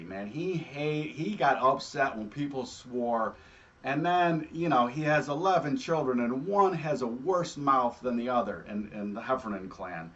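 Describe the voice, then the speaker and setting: A man hosting a show, telling stories in a casual, animated way and often adding "all right?". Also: mid-range voice, lo-fi sound. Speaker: host. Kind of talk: casual storytelling.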